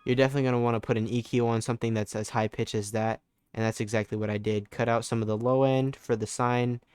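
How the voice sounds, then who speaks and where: A man's voice: medium pitch, flat delivery, quick pace, a little mellow. A young man giving a casual, laid-back music production tutorial, loose and full of fillers and restarts. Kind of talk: casual screen-recorded tutorial.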